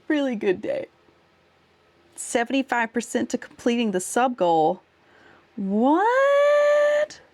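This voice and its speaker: Working on a craft during a live stream, a giggly woman chats with viewers, thanks them warmly, laughs a lot, and narrates each step to herself. Her voice is fairly high, at a moderate pace with long pauses.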